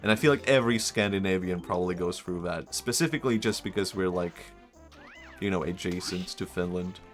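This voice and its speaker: A man's voice: sits low, fairly quick, faint music behind. A young man from Sweden, rambling and reacting to chat on a casual live stream, amused at his own jokes.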